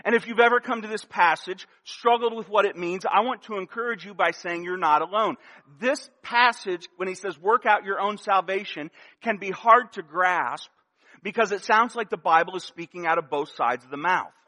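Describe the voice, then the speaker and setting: A man's voice: sits high, normal speed, bright, forceful tone. A man preaching a sermon as pastor, earnest and emphatic, repeating key phrases for weight, recorded in a church sanctuary. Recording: long hall reverb.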